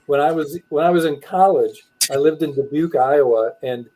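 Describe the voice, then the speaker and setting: A man's voice: on the high side, moderate pace, dark tone, a little hiss or hum, low-quality recording. A man guesting on a livestream, telling modest, wry anecdotes. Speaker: guest, game designer. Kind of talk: casual interview chat.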